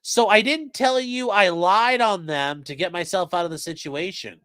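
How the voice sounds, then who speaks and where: A man's voice: high-pitched, moderate pace, no echo. A man with a casual, profane manner, reading a court transcript aloud on a live stream and commenting on it. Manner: profane, animated, reads quotes in shifting voices.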